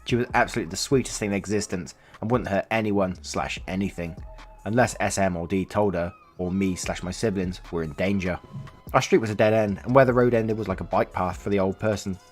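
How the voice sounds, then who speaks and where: Low-voiced man reading a story. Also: brisk, soft background music. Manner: rambling, self-interrupting asides. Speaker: story channel narrator. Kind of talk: reading a story aloud, then chatty commentary.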